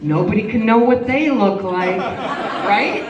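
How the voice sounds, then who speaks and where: A woman's voice: medium pitch, animated, a little slow, highs cut off. A woman in her fifties from Wisconsin performing a bawdy stand-up comedy set, talking brashly and conspiratorially to the audience. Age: 50s. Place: reception hall, live show. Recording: echoey hall, distant mic, loud crowd laughter and noise. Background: audience laughing.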